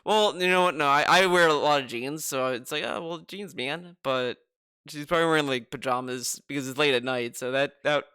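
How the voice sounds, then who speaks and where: A man's voice: medium pitch, a little fast, sharp tone, smooth, dry recording, studio quality. A man giving mocking reaction commentary on a clip, swearing and breaking into exaggerated impressions. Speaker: commentary streamer.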